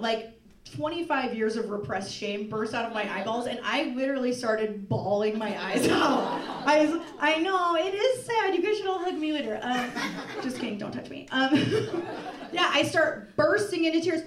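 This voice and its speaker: A young woman telling a laughing, animated confessional story on a live comedy stage. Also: sits high, moderate pace. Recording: echoey room from far off, loud crowd.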